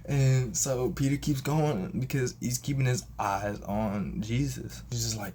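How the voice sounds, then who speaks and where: With a medium-pitched voice and a slightly slow pace, a young man recounts a personal story for his casual vlog, slight background noise behind him. He animatedly voices the people he quotes, leaping abruptly in pitch.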